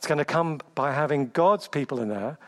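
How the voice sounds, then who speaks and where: A man's voice: a little high, fairly quick, a bit bright. A man preaching a sermon, emphatic, building through lists and rhetorical questions.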